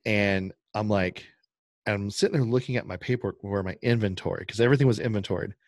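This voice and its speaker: With a fairly low pitch and a fast delivery, this podcast co-host rambles through a long anecdote in casual chat, animatedly performing the other people's lines. The recording is dry and of studio quality.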